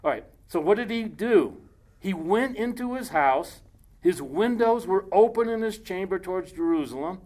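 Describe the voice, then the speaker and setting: A man preaching a casual sermon, reading scripture aloud slowly and breaking off into joking asides. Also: high-pitched, lively intonation, darkish tone.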